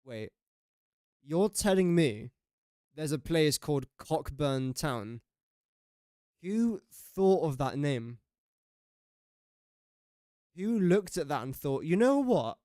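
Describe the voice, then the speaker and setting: This young gaming streamer from England speaks slowly, with long pauses, in a voice on the high side with lively intonation and a dark tone. He chats casually during the live stream, thinking aloud and mocking his own guesses. The sound is dry and studio quality.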